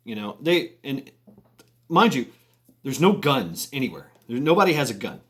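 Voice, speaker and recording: A man of ordinary pitch spins a long yarn in a loose, conversational way. He stumbles and restarts his sentences often, drops casual profanity and chuckles along the way. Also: big pitch swings, normal speed, fairly bright tone. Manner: rambling, many restarts, swearing, chuckles. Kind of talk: casual spoken storytelling.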